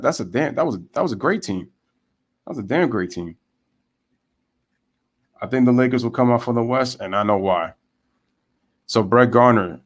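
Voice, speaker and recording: A young man giving casual live baseball play-by-play, chatting with viewers and going off on animated rants. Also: mid-range voice. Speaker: live baseball commentator and streamer.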